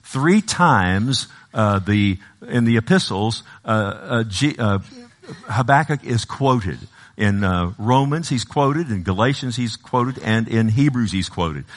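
A male pastor preaches in a mid-range voice. He repeats and restarts his phrases and calls on the congregation to answer. When he cries out, his voice climbs into high, fervent pleading. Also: expressive, a little slow, fairly bright tone. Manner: preaching, rising to impassioned high-pitched pleading. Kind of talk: sermon.

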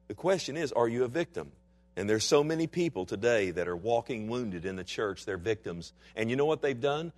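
A man preaching a sermon in a dramatic style. His voice sits at a middling pitch and keeps swinging from forceful, urgent passages to quiet, intense ones. He acts out the voices of the people he quotes. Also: lively intonation, fairly quick. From Texas. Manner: dramatic preaching with wide swings from loud to hushed. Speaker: pastor.

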